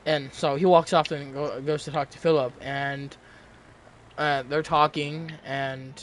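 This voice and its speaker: A man's voice: fairly high pitch, flat delivery, a little slow, a bit bright, a little hiss or hum. A young man in his late teens, telling a story in casual chat, rambling with lots of fillers and restarts.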